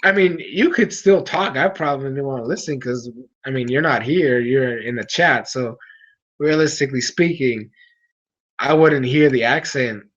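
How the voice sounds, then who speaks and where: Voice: mid-range voice, moderate pace, fairly bright tone. Sleepy streamer rambling to chat at 3am, keeps restarting sentences, kinda muffled lo-fi mic. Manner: rambling and chatty, with frequent restarts. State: sleepy, yawning. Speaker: streamer chatting with viewers. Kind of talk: casual late-night stream chat.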